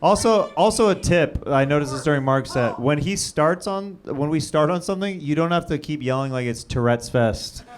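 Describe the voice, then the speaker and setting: A man's voice: a little high, animated, normal speed, hardly any pauses, a little hiss or hum. A man hosting a comedy show, casually giving the crowd tips between sets. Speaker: show host. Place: comedy club stage.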